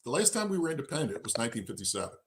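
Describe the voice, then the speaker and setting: A man co-hosting a live talk show who tells animated, joking stories and argues his points emphatically. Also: medium pitch, racing, slight background noise. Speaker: co-host. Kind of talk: casual chat.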